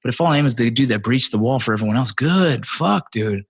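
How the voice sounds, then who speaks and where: A man's voice: mid-range voice, expressive, quick pace, creaky, slightly rough. A man in his thirties, a podcast guest, talking heatedly with heavy swearing. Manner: heated, profane, fired up. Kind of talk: casual chat.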